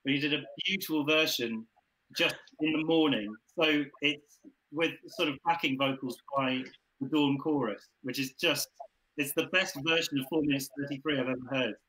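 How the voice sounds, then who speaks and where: A man's voice: on the high side, normal speed, a bit bright, low-quality recording. An English man in a folk group chatting casually on a livestream, rambling and hesitant with many ums. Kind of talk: casual chat. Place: home livestream.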